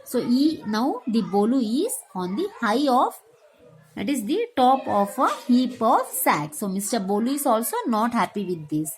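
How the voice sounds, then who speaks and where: A woman's voice: on the high side, very animated, normal speed. A woman teacher with an Indian English accent, reading a children's lesson aloud and explaining it line by line with playful sound words.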